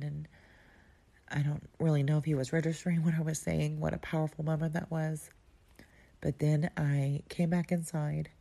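A woman telling a personal story in an intimate way, often dropping to a breathy near-whisper. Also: deep voice, dark tone. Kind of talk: personal story told aloud.

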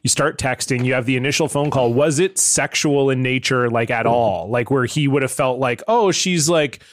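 A man's voice: mid-range voice, moderate pace, dry recording. A man hosting a podcast in casual chat, frank and joking, asking pointed questions. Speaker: podcast host.

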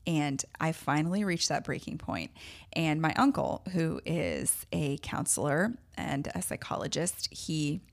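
A woman's voice: deep voice, expressive, a little slow, gravelly. A woman hosting a podcast, telling a personal story in a candid, emotional way with self-deprecating laughs. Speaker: podcast host.

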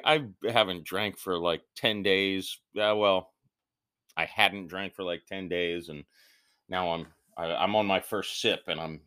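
A man's voice: lowish voice, bright, forceful tone, clear, resonant tone. A man hosting a podcast, talking through a casual solo intro in a rambling, loose and self-deprecating way. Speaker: podcast host.

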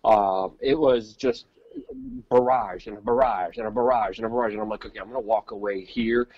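A man's voice: fairly low pitch, a little fast, breathy edge, no echo, lo-fi sound. A man co-hosting a podcast, chatting casually over a remote call with rambling, repeated words and many fillers. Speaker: podcast co-host reporting from the field. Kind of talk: casual live-stream chat.

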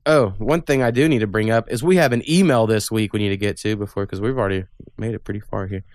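Profane laughing podcast host. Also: male voice, fairly low pitch, quick pace, darkish tone, dry recording. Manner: profane, rambling, laughs often. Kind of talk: casual chat.

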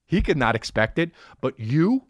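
A man's voice: a little high, big pitch swings, moderate pace, no room sound. A man on a comedic rant, profane and rambling, swinging his delivery up and down as he riffs.

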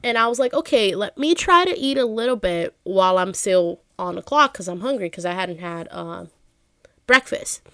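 A woman's voice: mid-range voice, expressive, moderate pace, pushed and bright, smooth, no echo, clean studio sound. A woman co-hosting a podcast, telling stories in casual chat, with lots of "like" and frequent swearing. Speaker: podcast co-host.

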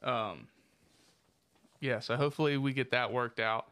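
A man's voice: medium pitch, measured pace, sharp tone, clean tone, no echo. A man co-hosting a podcast, chatting casually and joking around with lots of laughter. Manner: joking, laughs often, profane. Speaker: podcast co-host. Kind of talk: casual chat.

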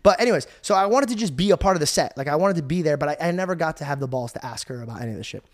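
A young man hosting a podcast, telling a story in an excitable, casual way, swearing freely and acting out the voices of the people he quotes. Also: on the high side, rapid-fire. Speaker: podcast host.

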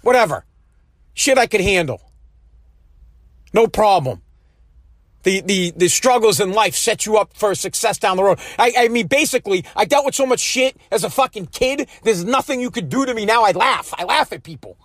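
A man, his voice strikingly high, rants bluntly and swears often. The recording is completely dry, with no room sound at all. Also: expressive, moderate pace, a bit bright, no echo. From United States. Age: adult. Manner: profane, blunt, heated. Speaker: speaker telling a personal story. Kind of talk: ranting monologue.

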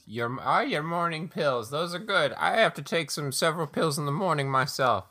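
A man's voice: fairly high pitch, expressive, normal speed, sharp tone. A man playing an easygoing pilot who loves fishing, friendly and agreeable, in a tabletop game. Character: easygoing male pilot, fishing hobbyist with pet snake.

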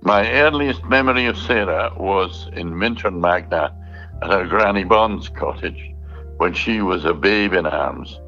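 A man reading a family letter aloud, slowly and deliberately. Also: deep voice, pushed and bright, soft background music. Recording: dull lo-fi recording.

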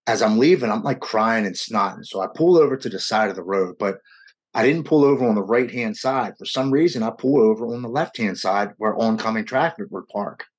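A man's voice: fairly low pitch, animated, brisk. A man in his forties telling a personal recovery story in conversation, earnest and emotional, often stumbling and restarting his words. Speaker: guest sharing a recovery story.

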